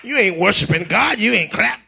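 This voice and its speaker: A man preaching a revival sermon in a church, using call-and-response and breaking into shouts. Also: high voice, expressive, normal speed, gravelly, slightly rough. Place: church sanctuary.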